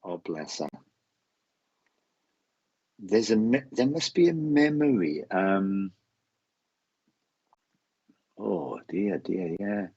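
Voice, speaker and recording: A man gives psychic readings live, his voice low and a little husky. He talks haltingly, repeats himself, and grows emotional. The sound is dry and somewhat dull, like lo-fi stream audio. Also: animated, a little mellow, no room sound. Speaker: psychic medium host.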